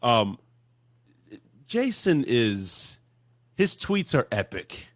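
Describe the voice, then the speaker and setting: A male podcast co-host in casual chat, excitable, cutting in often and swearing. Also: medium pitch, drawn-out words, dry recording, studio quality.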